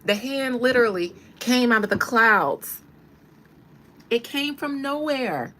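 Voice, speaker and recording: A woman reading tarot cards on a casual stream, talking slowly and leaning hard on her points. Her voice rises and falls a lot, on the higher side. A faint hiss sits behind her. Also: lively intonation, a bit bright. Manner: chatty, emphatic, repeats her points. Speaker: tarot reader and gossip host. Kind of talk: casual livestream card reading.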